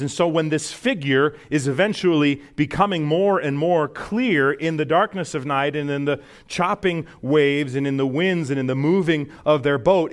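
A man preaching a sermon in an earnest teaching manner, rising sharply on emphatic points. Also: a little high. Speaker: pastor.

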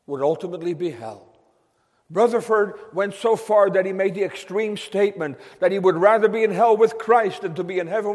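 A man preaching a sermon to his congregation, slow and emphatic, drawing out phrases and dropping suddenly quiet. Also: sits high. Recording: long hall reverb.

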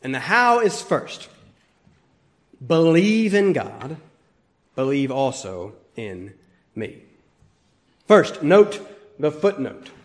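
A man preaching a sermon, swinging between loud emphasis and hushed asides, teasing the congregation now and then. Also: fairly high pitch, big pitch swings, slow pace, long pauses. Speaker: pastor.

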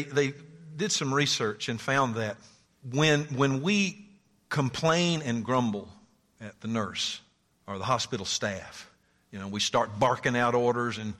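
A man preaching a sermon in a bright, forceful voice that rings out in a reverberant hall. He swings from loud, high exclamations to hushed, near-whispered asides and laughs often as he talks. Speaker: pastor.

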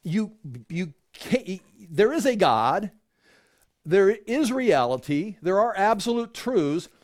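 A man's voice: high voice, sing-song, slow, darkish tone. A middle-aged man teaching from the Bible in a conversational sermon, acting out the voices in quoted exchanges. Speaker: pastor.

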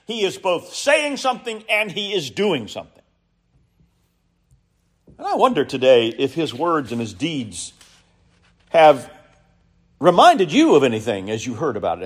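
Lively-voiced male preacher. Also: on the high side. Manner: earnest, measured storytelling with emphatic rises. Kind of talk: sermon.

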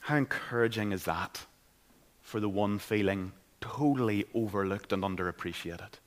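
In a church, a Northern Irish pastor with a Northern Irish accent and a voice on the low side preaches a sermon at a moderate pace. His manner is earnest and conversational.

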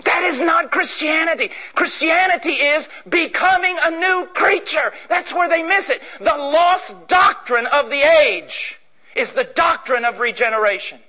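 A preacher from Illinois delivering an impassioned sermon. He swings between shouted declarations and low, intense passages. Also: unhurried, poor audio. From Illinois, USA. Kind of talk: fiery sermon.

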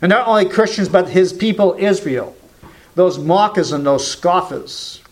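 A man's voice: high voice, unhurried. A man preaching a sermon, emphatic, quoting scripture and asking rhetorical questions. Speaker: pastor.

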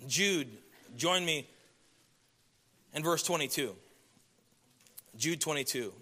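A middle-aged man preaching a sermon, swinging from loud emphasis down to hushed, intimate tones. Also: a little high, animated, slow.

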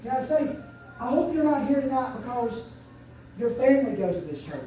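A man preaching a fervent sermon as pastor, swinging from quiet asides up to loud shouts. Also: very animated, moderate pace, slight background noise. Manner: fervent preaching, surging to shouts and dropping low. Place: church sanctuary. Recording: very echoey church sanctuary, mic at a distance.

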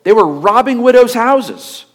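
A male pastor preaching a sermon with emphatic delivery, rhetorical questions and steady repetition. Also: extremely high pitch, a little slow.

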